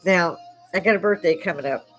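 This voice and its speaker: An older woman from Chicago chats on a live stream in a salty, profane way, breaking into laughs often. Her voice sits somewhat low, and faint music plays underneath. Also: a little fast, rough recording. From Chicago, United States. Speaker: live stream host, army veteran. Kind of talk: casual live stream chat.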